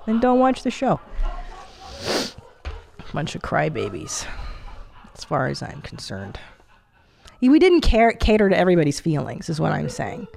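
A woman's voice: medium pitch, darkish tone. Blunt, profane woman in her forties. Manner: blunt, profane, laughing often. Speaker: podcast host. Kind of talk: casual comedic monologue.

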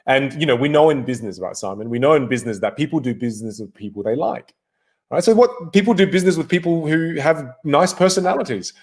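A man's voice: fairly high pitch, expressive, fast. A man appearing as a guest voice coach in a podcast interview, speaking emphatically, like a coach. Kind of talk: interview conversation.

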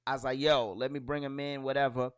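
A middle-aged man chatting casually as a podcast co-host, telling animated stories and acting out what people said. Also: medium pitch, quick pace, clear, resonant tone, dry recording. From New York. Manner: animated storytelling with acted-out quotes and slang. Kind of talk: casual chat.

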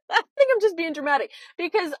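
Young woman, podcast host, dramatic, expressive, swears a lot, dry close sound. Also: very high-pitched, fairly quick, no room sound. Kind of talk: casual confessional chat.

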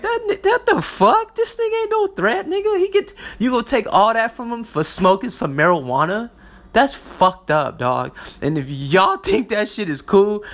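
Fired-up, profane man with a higher voice. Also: a bit bright. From United States. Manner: heated and profane, full of restarts. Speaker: vlogger. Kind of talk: impassioned monologue to listeners.

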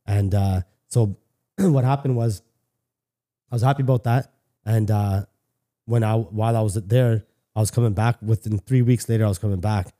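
Low, dark-voiced man telling a story. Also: fairly even intonation, normal speed. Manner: candid, swears freely, many restarts. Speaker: podcast guest. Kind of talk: casual storytelling.

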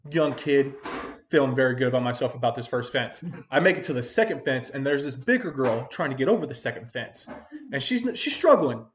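A man's voice: mid-range voice, animated, a little fast. Young male podcast host, mid-range voice, loose profane storyteller. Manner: rambling, profane, full of "like". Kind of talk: casual storytelling chat.

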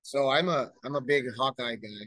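Brief: easygoing male co-host, mid-pitched, teasing, recorded dry and close. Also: normal speed, fairly bright tone, no echo. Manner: laid-back, teasing banter. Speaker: podcast co-host, wrestling coach. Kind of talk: casual live podcast chat.

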